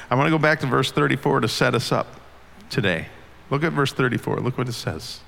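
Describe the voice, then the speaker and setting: A man's voice: mid-range voice, animated, brisk, gravelly, fairly bright tone, a little hiss or hum. A man preaching a sermon as pastor, earnest and conversational, asking the congregation questions. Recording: long hall reverb.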